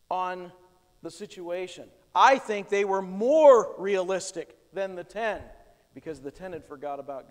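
A male pastor preaching a sermon in a church, explaining scripture with emphatic, plain conviction. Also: sits high. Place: church sanctuary. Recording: long church reverb.

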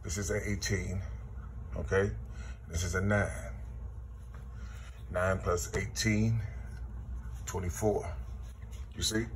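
A man's voice: steady tone, a little hiss or hum. A man, rambling through a spiritual numerology monologue, counting numbers half-aloud and repeating "you see". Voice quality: very husky, slow, low-key. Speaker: self-taught numerology teacher.

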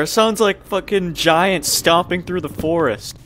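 A man's voice: fairly high pitch, steady tone, takes it slowly, few pauses, fairly bright tone, slight background noise. A young man commentating his own horror gameplay, jumpy and swearing, with panicky outbursts. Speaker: gaming youtuber.

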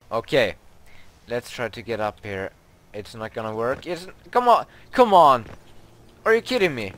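A young man, commenting on his own video game play, who gets excitable and yelps and shrieks when startled. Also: medium pitch, slight background noise. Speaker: gaming YouTuber.

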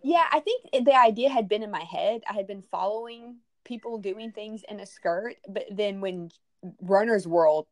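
A woman's voice: medium pitch, moderate pace, dry recording. A married woman from Texas with a Southern Texas accent, chatting as a podcast guest and hesitating often with ums and restarts. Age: adult, married. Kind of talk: casual interview conversation.

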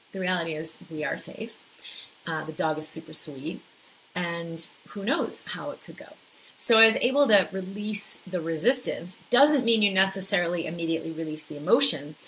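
A woman in her thirties telling a personal story in a talk, acting out her own thoughts with lively quoted asides. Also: on the low side, slight background noise, poor audio. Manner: animated storytelling, acts out her own inner voice. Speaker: speaker.

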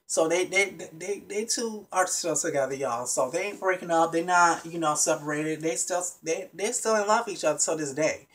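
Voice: medium pitch, moderate pace, few pauses, a bit bright. A vlogger casually recapping a reality show episode for viewers, chatty and emphatic, with many restarts and frequent asides to the audience.

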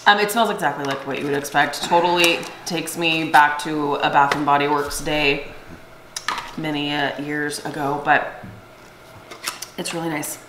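A woman's voice: low-pitched, steady tone, normal speed. A woman who owns a soap shop chats casually on camera, reading scent descriptions aloud and laughing often. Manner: chatty and giggly, reads scent descriptions aloud. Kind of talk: casual on-camera product chat. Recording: roomy echo, faint background noise.

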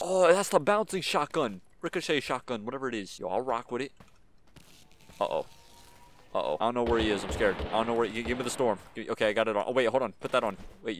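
A young man giving excited, slangy commentary while playing a shooter game, swinging from low mutters to sudden yelps. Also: slight background noise. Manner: hyped, slangy, jumps from mumbling to sudden yelps. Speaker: gaming YouTuber.

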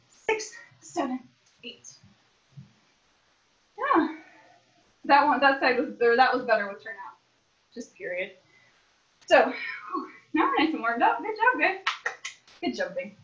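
A woman's voice: on the high side, a bit bright. Upbeat woman counting out a dance class. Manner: counts out beats, upbeat coaching. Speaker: dance teacher. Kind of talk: online dance class instruction. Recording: echoey room, dull lo-fi sound.

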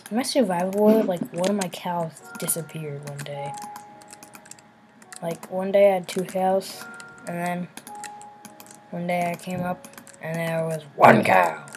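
A woman chatting casually while building in a game, playful and silly, rambling to herself and sometimes dropping into soft murmurs. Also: fairly low pitch, fairly even intonation, a little slow, pauses often, slight background noise. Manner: drops into soft murmurs and whispers. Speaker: Minecraft builder. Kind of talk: casual gameplay commentary. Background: background music and keyboard clicks.

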